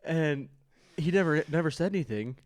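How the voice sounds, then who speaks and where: A man's voice: on the high side, normal speed. Man telling a prank story. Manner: animated storyteller, acts out quoted texts. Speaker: podcast guest. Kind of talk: casual storytelling chat.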